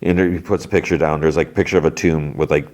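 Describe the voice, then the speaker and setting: A man's voice: rumbling low, fairly even intonation, fast, a little mellow. A man hosting a podcast, casually recapping a TV episode in a loose, rambling way full of fillers. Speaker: podcast host.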